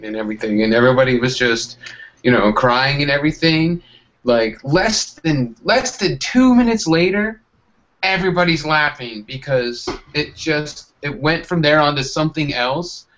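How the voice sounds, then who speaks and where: A man's voice: medium pitch, a bit bright, highs cut off. Easygoing man, rambling and reminiscing. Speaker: friend of the host. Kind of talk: casual group chat.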